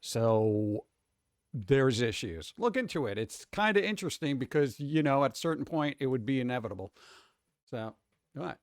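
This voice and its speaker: A man's voice: mid-range voice, lively intonation, moderate pace, no room sound, studio quality. A man streaming live, rambling casually and greeting chat viewers one by one.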